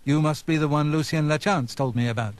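A man's voice: a little high, brisk, soft background music, natural voice. An actor playing a nervous, fussy male nobleman in a video game, flustered and apologetic, with an overdone foreign lilt.

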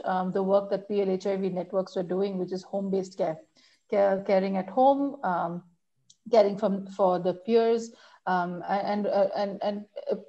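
A woman's voice: medium pitch, warm tone, muffled recording. A woman speaking as a panelist in a public health discussion, often repeating words and restarting.

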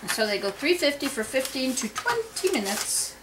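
A woman's voice: high-pitched, sing-song, normal speed. A mother chatting casually with her family while she bakes at home and explains each step. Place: home kitchen. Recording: echoey room, voice from a distance, faint background hum.

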